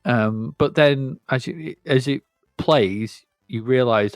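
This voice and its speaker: A man's voice: medium pitch, slow pace, no room sound, studio quality, soft background music. A man co-hosting a podcast, chatting casually about retro video games and often stopping to correct himself. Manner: rambling, self-correcting, chatty. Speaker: podcast co-host. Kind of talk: casual retro gaming chat.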